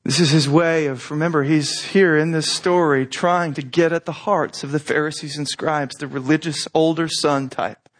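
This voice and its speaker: A man preaching a sermon in a conversational way, with asides and restarts, acting out quoted voices. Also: moderate pace. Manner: animated, acts out quoted voices with rising pitch. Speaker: pastor.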